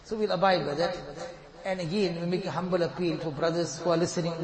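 A man with a high voice leads the congregation as imam, pleading fervently and repeating a refrain after each line. The sound rings through a reverberant mosque hall, with the gathered congregation audible behind him. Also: fairly even intonation, fast talker, a crowd in the background. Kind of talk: leading congregational supplication and announcements.

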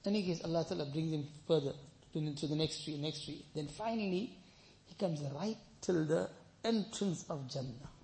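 A man's voice: fairly high pitch, moderate pace, gravelly. A man preaching a sermon, telling scripture stories with emphatic repetition and breaking into chanted Arabic verses. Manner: lively storytelling, mixes in chanted Arabic verses; emphatic, repeats phrases for stress.

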